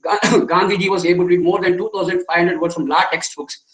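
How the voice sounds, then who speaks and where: A man leads an online training session in a high, bright-pitched voice. He circles back over his own phrases and keeps quizzing his listeners. The sound is roomy and echoey. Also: fairly even intonation, quick pace. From India. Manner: repeats phrases and fires rhetorical questions at the audience. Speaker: memory trainer. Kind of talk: online webinar lecture.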